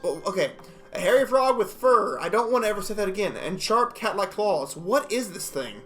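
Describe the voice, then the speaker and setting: High, bright, excitable young man. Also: normal speed, soft background music. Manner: excitable, jokey, laughs often, stumbles over words. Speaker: video reactor. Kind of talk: casual reaction commentary, reading facts aloud.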